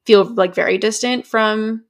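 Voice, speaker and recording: A woman's voice: medium pitch, fairly even intonation, a little slow. A woman in her twenties, co-hosting a podcast in casual chat, talking freely with lots of "like". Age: 20s. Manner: chatty, frequent "like" fillers. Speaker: podcast co-host.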